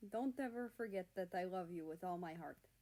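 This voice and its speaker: A woman's voice: on the low side, normal speed, close to an everyday voice. A woman voicing a tender, lovestruck man. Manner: soft and affectionate. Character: tender, loving man, secretly nervous.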